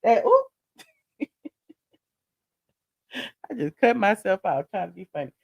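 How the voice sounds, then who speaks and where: A woman hosting a live stream in casual chat, sassy and chatty, calling her viewers honey and child, swinging between loud bursts and low asides. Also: expressive, measured pace, creaky, breathy edge.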